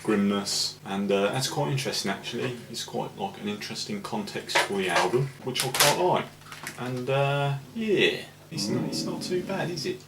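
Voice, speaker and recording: A man co-hosting a casual album review, rambling with many pauses and ums. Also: on the low side. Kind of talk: casual chat. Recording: echoey room with faint noise.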